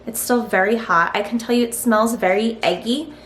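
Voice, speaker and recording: Higher-voiced woman chatting away in a roomy kitchen, frank casual cooking vlog, bit of hiss. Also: moderate pace, a bit bright. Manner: chatty, frank, thinking aloud. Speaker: cooking vlogger. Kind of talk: casual recipe-testing vlog. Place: home kitchen.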